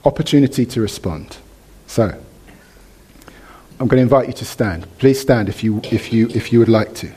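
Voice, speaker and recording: A man preaching a sermon in church, animated, leading the congregation in reading and response. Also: medium pitch, normal speed, pauses often, slight background noise.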